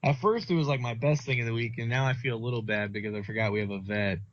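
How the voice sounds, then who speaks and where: A man's voice: medium pitch, quick pace. Rambling young man, lo-fi chat. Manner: rambling, swears, acts out quoted voices. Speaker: podcast co-host. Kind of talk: casual chat. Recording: dull lo-fi sound.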